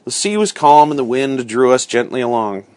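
A man's voice: medium pitch, expressive, moderate pace, a little mellow, dry recording. Man reading a storybook aloud. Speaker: reader.

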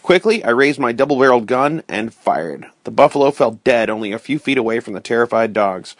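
A man narrating a storybook aloud in first person, as a steady, clear storyteller. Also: mid-range voice, a little fast, few pauses, no room sound. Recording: dry close recording.

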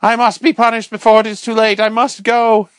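A man's voice: level tone, brisk, fairly bright tone, smooth, dry recording. A man voicing a frantic, guilt-stricken curate who cries out wildly in a storybook reading. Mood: shouting. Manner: shrill, crying out wildly.

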